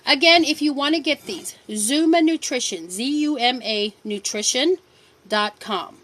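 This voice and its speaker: A woman's voice: high voice, expressive, normal speed, fairly bright tone. A middle-aged woman hosting a casual live stream, answering viewer questions in a firm, direct way and repeating her key points for emphasis. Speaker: livestream host selling supplements.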